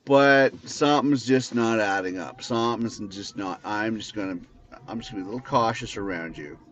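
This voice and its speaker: A man's voice: lowish voice, moderate pace, a bit bright. A man hosting a podcast from his car, talking in a blunt, rambling way and swearing freely. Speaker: podcast host. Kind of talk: casual unscripted monologue.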